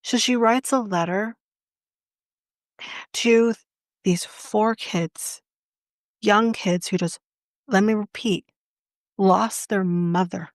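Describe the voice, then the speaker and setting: A woman's voice: mid-range voice, slow pace, long pauses, no echo, studio quality. A Canadian woman co-hosting a podcast, retelling a story in casual chat in an indignant, impassioned and blunt way. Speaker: podcast co-host.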